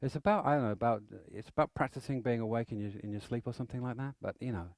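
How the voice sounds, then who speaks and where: A man's voice: mid-range voice, very fast, no room sound, studio quality. A man, an NLP trainer telling stories to a seminar audience, acting out the people in them. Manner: animated, acts out stories with shouts and laughter. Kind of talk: live seminar storytelling.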